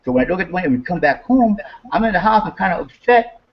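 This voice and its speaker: A man's voice: high-pitched, fast talker, breathy edge, muffled recording. A man in casual talk telling a story, swearing freely and acting out heated quotes. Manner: animated, swears a lot, acts out quotes with raised voice.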